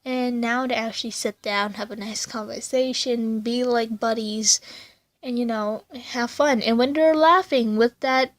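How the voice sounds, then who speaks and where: A woman's voice: fairly high pitch, a little slow, no room sound. A woman casually reviewing an anime episode on video, rambling with lots of fillers and sounding emotional. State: teary, voice breaking.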